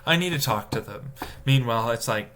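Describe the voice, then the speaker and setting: Man streaming, exasperated rant, bright tense voice, sudden shrill outbursts, swearing. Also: lively intonation, brisk. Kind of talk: casual live-stream rant.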